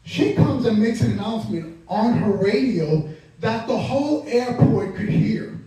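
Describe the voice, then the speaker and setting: A man performing a stand-up comedy set on stage, telling a story in an animated way and acting out the other people in it. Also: high-pitched, a little slow. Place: comedy stage with live audience. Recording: echoey venue, mic at a distance.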